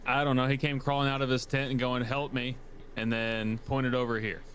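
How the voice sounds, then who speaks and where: A man's voice: mid-range voice, fairly even intonation, fairly quick, fairly bright tone, a little hiss or hum. A man playing a tabletop game, answering in a dry, sarcastic way. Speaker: player. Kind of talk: casual tabletop chat.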